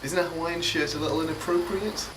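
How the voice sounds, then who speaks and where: A man's voice: on the high side, steady tone, quick pace, background noise. A man co-hosting a comedy film review show, trading dry, sarcastic remarks.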